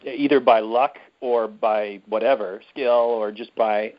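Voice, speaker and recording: A man's voice: lowish voice, fairly even intonation, measured pace. A man co-hosting a podcast, talking casually and earnestly about a movie and openly getting sentimental. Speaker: podcast co-host. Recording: slightly dull lo-fi sound.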